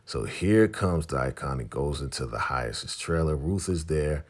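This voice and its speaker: A man with an extremely deep voice chats through a TV episode recap. His voice is gravelly and husky. The delivery is animated and conversational. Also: unhurried. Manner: animated, chatty retelling. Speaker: TV recap host.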